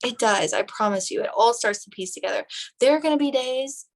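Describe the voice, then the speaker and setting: A young woman giving an animated, direct motivational talk to her team on a live phone video. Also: fairly high pitch, brisk, vocal fry, rough recording. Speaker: team leader and nurse.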